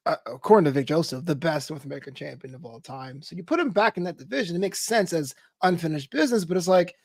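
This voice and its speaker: A man co-hosting a wrestling podcast, talking in an animated, emphatic and jokey way. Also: on the high side, fast, vocal fry, dry recording, studio quality. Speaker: podcast co-host. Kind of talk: casual wrestling podcast chat.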